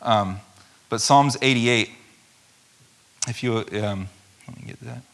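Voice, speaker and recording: A man gives an earnest sermon in a relaxed, conversational way. He reads long scripture passages aloud and often trails into fillers and restarts. His voice has a bright, forward tone at an ordinary middle pitch. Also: slow pace. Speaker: preacher.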